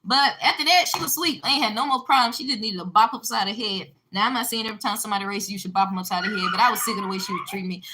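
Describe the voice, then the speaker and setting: A woman's voice: medium pitch, rapid-fire, hardly any pauses, sharp tone, slight background noise. A woman giving an emphatic, preachy monologue straight to her viewers, mixing in religious asides. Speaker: online commentator answering a viewer. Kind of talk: casual ranting monologue.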